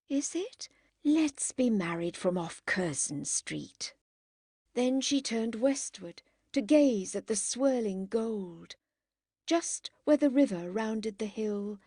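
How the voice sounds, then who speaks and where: A woman reading a classic novel aloud as an audiobook, in measured, expressive scripted narration. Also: medium pitch, gravelly, no room sound, studio quality.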